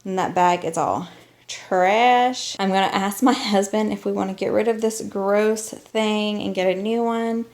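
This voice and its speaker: A woman's voice: mid-range voice, steady tone, a little slow, a little mellow. A young woman, chatting casually to camera as a mom vlogger, rambling with small laughs. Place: room at home. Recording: roomy echo in a home room.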